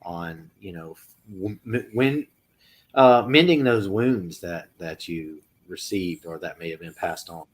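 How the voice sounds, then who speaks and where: A man's voice: low voice, takes it slowly, slightly rough. A man co-hosting a paranormal podcast in casual chat, rambling with frequent restarts. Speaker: podcast co-host.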